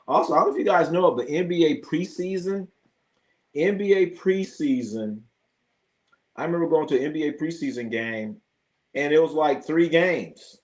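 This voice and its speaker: Casual, profane sports stream host. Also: male voice, on the high side, normal speed. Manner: loose, profane, reacts to chat. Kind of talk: casual live-stream chat.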